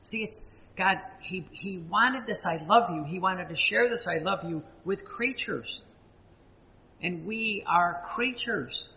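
A man preaching a sermon, emphatic and repetitive, with dramatic pauses and sudden rises. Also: sits high, pushed and bright, big-room sound, dull audio.

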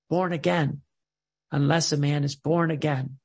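A man's voice: on the high side, fairly even intonation, a little slow, darkish tone, husky. A man preaching a sermon with fervor, reading quotations aloud with rising emphasis.

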